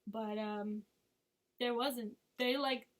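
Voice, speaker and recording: High-voiced, giggly woman reviewer. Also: fairly even intonation, slow. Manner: chatty, giggly, sarcastic asides. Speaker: movie reviewer. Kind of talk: casual chat.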